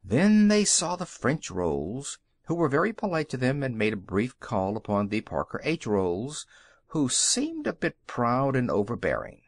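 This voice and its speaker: A man narrating a children's audiobook with expressive storytelling. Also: mid-range voice, a little slow, dry recording.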